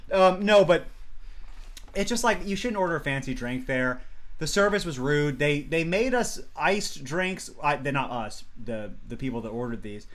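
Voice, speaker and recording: A man co-hosting a casual chat, telling stories in an animated way with bursts of laughter. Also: fairly high pitch, normal speed. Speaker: podcast co-host.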